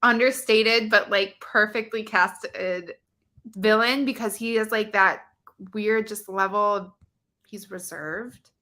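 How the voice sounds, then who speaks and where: A woman's voice: medium pitch, takes it slowly, pushed and bright. A woman co-hosting a casual film discussion podcast, chatty and eager, with lots of fillers. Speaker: podcast co-host.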